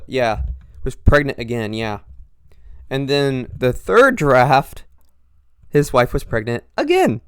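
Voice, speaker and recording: A young man with an accent mixing Northern and Southern US speech, hosting a podcast in a halting, rambling monologue full of restarts. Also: mid-range voice, clear, resonant tone, dry recording, clean studio sound. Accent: mix of Northern and Southern US. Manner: halting, with frequent restarts and trailing pauses. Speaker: podcast host.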